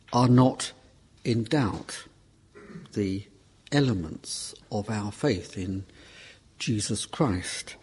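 A man preaching a Bible class talk at an unhurried, deliberate pace. His voice is slightly husky, and he leans on key words and repeats them for emphasis. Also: mid-range voice, darkish tone. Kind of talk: sermon.

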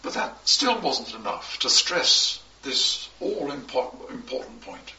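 A man preaching a sermon, slow and emphatic, with measured pauses between phrases. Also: mid-range voice, big pitch swings, pushed and bright. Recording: echoey, distant, dull recording.

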